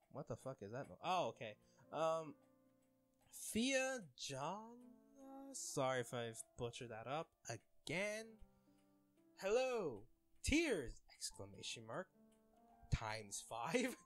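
A man's voice: fairly high pitch, very animated, slow, fairly bright tone, soft background music. A young man reading fan comments aloud in casual chat, laughing often and getting flustered over names.

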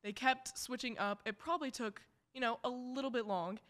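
A woman's voice: fairly high pitch, normal speed. Young woman casually telling a story. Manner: relaxed, hesitant with fillers. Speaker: student podcast co-host.

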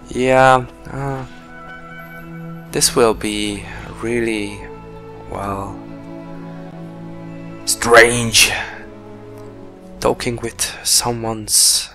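A man's voice: medium pitch, drawn-out words, long pauses, sharp tone, soft background music. A man giving casual gameplay commentary for a walkthrough, hesitant and thinking aloud.

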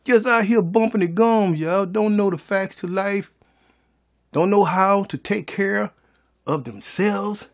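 A man's voice: high voice, takes it slowly. A man giving a folksy, preachy motivational monologue as a vlogger.

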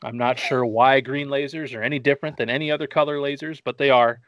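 A man's voice: medium pitch, steady tone, fast talker, a bit bright, dry recording. A man hosting a casual movie-review podcast, rambling through the plot with jokes and swearing. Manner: joking, profane, rambling. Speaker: podcast host.

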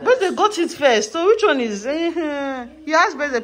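A woman's voice: sits high, expressive, a little slow. A woman vlogging casually at home, coaxing and calling her dogs and laughing often. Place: home indoors.

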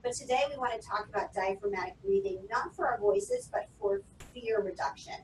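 A woman coaching public speaking in a webinar, calmly instructing and counting out breathing exercises. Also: mid-range voice, a little fast. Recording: roomy echo, distant from the mic, faint noise.

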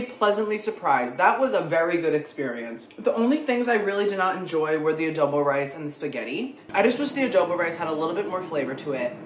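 A young man reviewing fast food in a casual vlog, his voice swinging up and down in lively, dramatic reactions. He swears freely and plays everything up. The room adds a noticeable echo and faint background noise. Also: a little high. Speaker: food vlogger. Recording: echoey room.

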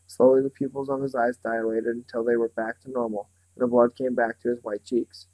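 A man reading a novel aloud in a steady, unhurried way, now and then slipping and starting a phrase over. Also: medium pitch, low-quality recording. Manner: steady, unhurried reading with small slips and restarts. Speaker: reader.

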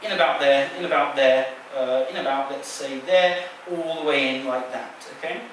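A man's voice: mid-range voice, normal speed, fairly bright tone. Man, stage magician, playful teasing patter, distant mic, theater hum behind. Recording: echoey theater sound from a distance.

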